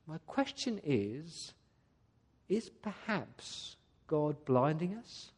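Earnest preacher asking rhetorical questions. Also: male voice, on the high side, a little mellow. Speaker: pastor. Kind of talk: sermon. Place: church service.

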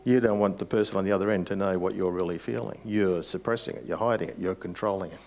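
A man's voice: deep voice, steady tone, quick pace, creaky, darkish tone. A man preaching a sermon as pastor, conversational, with rhetorical questions and rising emphasis.

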